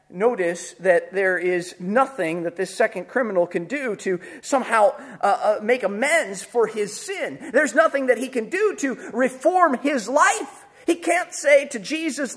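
Male pastor, very high voice, animated preacher who jumps into character for quotes. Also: unhurried, few pauses. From Chicago area. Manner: animated storytelling, acts out quotes with big pitch jumps; repeats words when starting sentences. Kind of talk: sermon.

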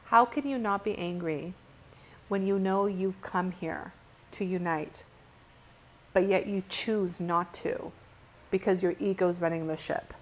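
A woman's voice: fairly low pitch, unhurried. A woman giving an earnest, impassioned spiritual monologue to her viewers. She talks bluntly, curses now and then, and restarts her sentences often with "like". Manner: blunt, with occasional cursing. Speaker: spiritual teacher.

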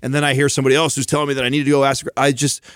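A man's voice: mid-range voice, level tone, racing, fairly bright tone, dry recording, clean studio sound. A man co-hosting a casual fitness podcast, frank and exasperated, swearing casually. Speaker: podcast co-host.

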